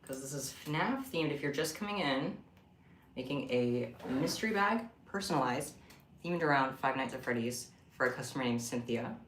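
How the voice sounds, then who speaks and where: A young man chatting casually on a home craft livestream, expressive and rambling. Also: mid-range voice, moderate pace, slight background noise. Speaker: craft streamer. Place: room at home. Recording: echoey room.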